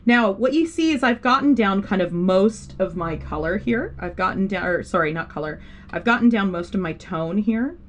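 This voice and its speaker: A woman's voice: medium pitch, lively intonation, normal speed, a little hiss or hum. A woman teaching a digital painting class on a livestream, rambling and stopping herself often with fillers. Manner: rambling, self-interrupting, with many fillers. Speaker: art instructor. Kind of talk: live digital painting tutorial.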